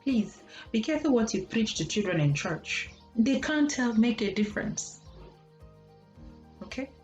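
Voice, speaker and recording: Animated woman teaching psychology, echoey room. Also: on the high side, unhurried. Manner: animated, acts out parents' voices. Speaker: psychology lecturer. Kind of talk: casual teaching talk. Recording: echoey room with faint music.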